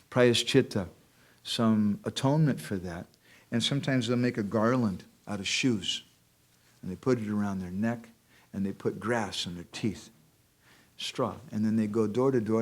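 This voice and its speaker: A man giving a devotional class, translating verses line by line and checking in with the audience with short questions. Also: lowish voice. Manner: explains verses line by line, translating each one. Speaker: speaker at a temple class.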